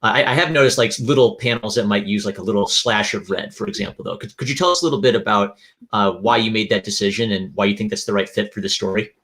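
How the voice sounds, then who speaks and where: A man hosting an interview, asking long questions quickly with a few hesitations. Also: on the low side, a bit bright.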